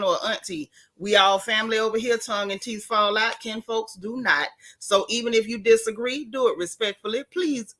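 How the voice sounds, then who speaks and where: A woman's voice: on the high side, fairly bright tone. A woman hosting a casual live stream, chatting and greeting viewers by name with down-home slang.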